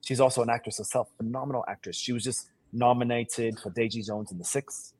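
A man's voice: medium pitch, fairly even intonation, fairly quick, a little mellow, breathy edge, no room sound. A man from Sierra Leone speaking with a put-on English accent, an actor talking energetically and boastfully as a guest co-host. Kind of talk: casual interview chat.

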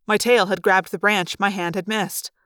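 A woman's voice: medium pitch, clean tone, no room sound. Woman reading a story aloud, dry. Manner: expressive, measured narration. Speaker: reader.

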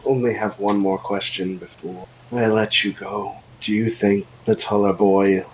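Man playing a calm questioning god, fairly low voice, probing tone, light background hiss. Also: a little slow, close to an everyday voice. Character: earnest male interrogator, a god. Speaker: improv comedy performer. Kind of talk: improvised comedy role-play.

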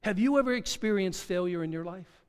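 A man preaching a sermon, telling a personal story and repeating key phrases slowly for emphasis, swinging between quiet and loud. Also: high voice, smooth.

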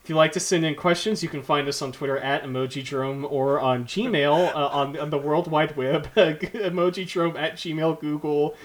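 A man's voice: a little high, fairly even intonation, moderate pace, hardly any pauses. A man co-hosting a casual podcast, jokey and upbeat as he wraps up the episode. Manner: jokey, upbeat wrap-up banter. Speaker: podcast co-host. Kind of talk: casual chat.

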